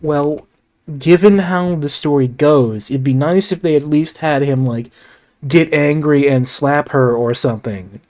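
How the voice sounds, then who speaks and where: A man's voice: fairly high pitch, measured pace, a little mellow. Rambling, profane male film reviewer. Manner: rambling, profane, frequent restarts and asides. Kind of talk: casual solo review ramble.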